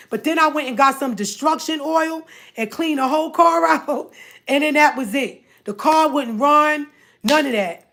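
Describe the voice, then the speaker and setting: A high-pitched woman recounts a personal saga to her viewers. She talks casually and with animation, repeating herself and quoting the people in her story. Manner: animated, repeats herself, quotes others in dialogue. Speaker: vlogger telling a personal story.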